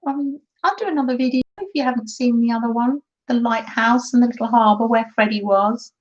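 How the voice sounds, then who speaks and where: A woman's voice: fairly high pitch, brisk, lo-fi sound. A middle-aged woman hosting a casual craft live stream, chatting and reading viewer comments aloud with frequent laughs. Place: holiday home, indoors at a craft table. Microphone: laptop mic.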